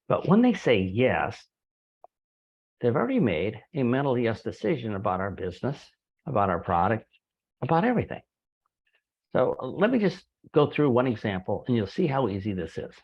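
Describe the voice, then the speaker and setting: A man's voice: lowish voice, breathy edge, dull audio. A man giving a recorded sales training talk, folksy and chatty, acting out little sample conversations. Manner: folksy, acts out little dialogues.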